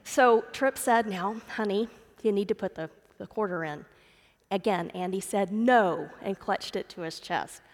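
A woman's voice: medium pitch, normal speed. A middle-aged woman pastor giving a sermon, telling a family story and calling her congregation "friends". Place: church sanctuary. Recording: long church reverb.

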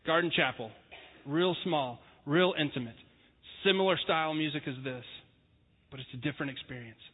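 Joking young pastor in a tinny hall. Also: male voice, a little high, normal speed, breathy edge. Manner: conversational, joking preacher. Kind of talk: sermon. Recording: tinny phone-like sound with long reverb.

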